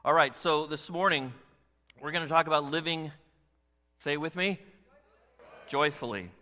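A man preaching a sermon as pastor, animated and emphatic, with many rhetorical questions to his church. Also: a little high, moderate pace. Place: church sanctuary. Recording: long hall reverb.

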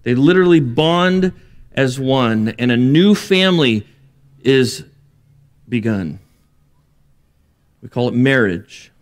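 A man's voice: medium pitch, expressive, slow pace, pauses often. A man preaching a sermon, earnest and building to emphatic bursts, with joking asides. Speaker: pastor.

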